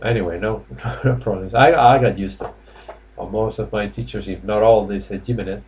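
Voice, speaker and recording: Chatty Spanish-accented English teacher. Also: male voice, lowish voice, steady tone, a little fast, darkish tone, slight background noise. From Spain. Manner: chatty, coaxing, laughs often, many fillers. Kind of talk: live online class. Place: classroom or office indoors.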